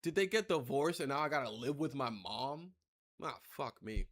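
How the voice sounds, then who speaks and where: A man's voice: medium pitch, lively intonation, moderate pace. A man giving casual, rambling let's-play commentary, swearing freely and turning sarcastic as he reacts to the story. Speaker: gameplay commentator.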